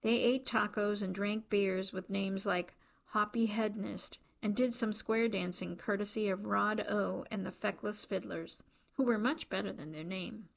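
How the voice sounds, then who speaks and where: A woman reading a novel aloud as an audiobook narrator, in even, measured storytelling. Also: mid-range voice, creaky. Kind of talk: scripted narration.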